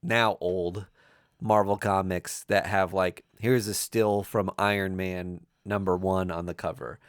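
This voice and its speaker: A man's voice: deep voice, level tone, measured pace, smooth, dry recording, clean studio sound. A man co-hosting a comics podcast, rambling in casual chat with many fillers and restarts. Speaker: podcast co-host.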